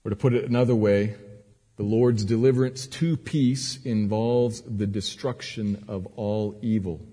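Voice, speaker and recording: A man preaching a sermon as a pastor, moving between quiet earnest teaching and raised, emphatic cries. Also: lowish voice, fairly even intonation, unhurried, husky. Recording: long hall reverb.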